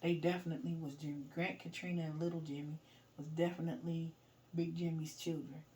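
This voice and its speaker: A middle-aged woman casually telling a story, animated, laughing and swearing as she goes. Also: low voice, fairly quick, distant mic.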